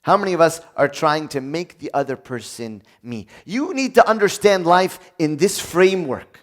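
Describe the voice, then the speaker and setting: A man's voice: fairly high pitch, animated, moderate pace. A middle-aged man preaching a conversational sermon, acting out quoted voices along the way.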